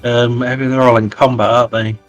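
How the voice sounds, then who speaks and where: A man's voice: medium pitch, level tone, a little fast, soft background music, rough recording. A man playing in a tabletop game, easygoing and polite as he sorts out rules with the game master. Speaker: player. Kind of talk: casual tabletop game chat.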